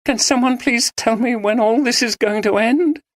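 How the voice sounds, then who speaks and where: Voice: no room sound, studio quality, natural voice. A narrator voicing a sobbing young woman. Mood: tearful. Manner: high, trembling, rushed pleading. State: crying. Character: distraught young woman, tearful and frantic.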